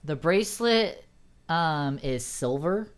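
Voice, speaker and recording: A man's voice: fairly high pitch, animated, slow pace, smooth. A man narrating as dungeon master in a tabletop game, hesitant and searching for words.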